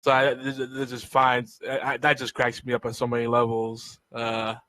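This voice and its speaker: A man's voice: medium pitch, monotone, normal speed, sharp tone, dry recording. A man co-hosting a podcast, giving wry, amused commentary in casual chat. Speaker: podcast co-host.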